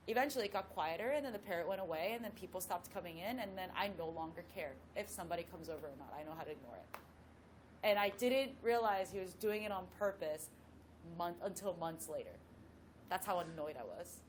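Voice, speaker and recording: A woman, a professional golfer, telling a story as a guest in a casual chat with lively asides. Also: medium pitch, slight background noise.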